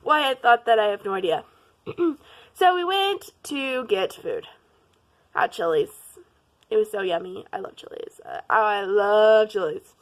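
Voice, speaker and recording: A young woman tells a dating story to her vlog viewers, talking in a fairly high voice. She acts out the lines of the people in her story and laughs along the way. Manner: animated, laughing, acts out quotes. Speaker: vlogger. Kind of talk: casual storytime.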